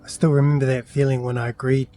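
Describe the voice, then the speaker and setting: Halting New Zealand man, faint music behind. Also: mid-range voice, little pitch movement, mellow. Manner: plain-spoken, halting, full of fillers and asides. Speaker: vlogger. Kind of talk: confessional storytelling to camera.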